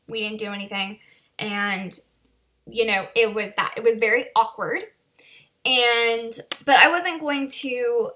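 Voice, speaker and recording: Young woman in her 20s doing a storytime vlog, bright high-ish voice, says like a lot. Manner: chatty, lots of "like" and "you know". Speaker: vlogger.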